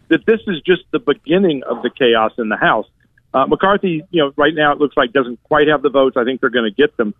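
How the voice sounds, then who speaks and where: A man calling in as a political analyst, measured and thoughtful with frequent fillers, heard over a tinny phone line. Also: medium pitch, dry recording.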